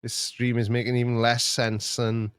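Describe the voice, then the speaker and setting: A man's voice: medium pitch, completely flat delivery, normal speed, clean tone, no room sound. Playful man, dry close sound. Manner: jokey, laughs often, breaks into playful voices. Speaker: host. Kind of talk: casual chat on a stream.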